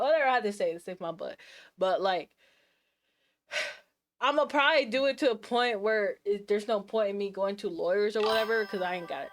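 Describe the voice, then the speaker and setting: A woman streamer chatting casually with her live audience, sassy and slangy, full of quick asides and restarts. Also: mid-range voice.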